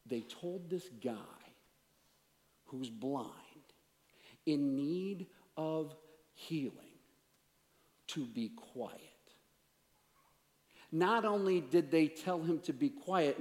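Dramatic male pastor in a reverberant hall. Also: a little high. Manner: dramatic, swings from hushed asides to raised emphasis; playful banter with volunteers. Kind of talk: sermon. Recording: long reverb of a large hall.

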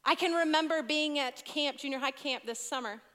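A woman's voice: high-pitched, normal speed, fairly bright tone. A young woman in her twenties preaching as a youth pastor, telling stories conversationally with asides to teenagers. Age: 20s. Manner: conversational storytelling with asides to teens. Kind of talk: sermon. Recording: long reverb of a large hall.

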